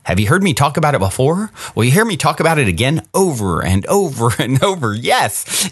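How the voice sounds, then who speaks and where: A man's voice: fairly high pitch, dry recording. A man hosting a reflective solo podcast, talking earnestly and encouragingly and putting rhetorical questions to his listeners. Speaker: podcast host.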